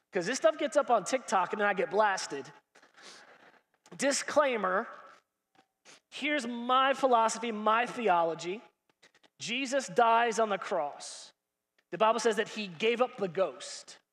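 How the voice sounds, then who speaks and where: A man preaching a lively sermon, acting out dialogue and rising to shouts. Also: high voice, big-room sound. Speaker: pastor. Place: large church hall.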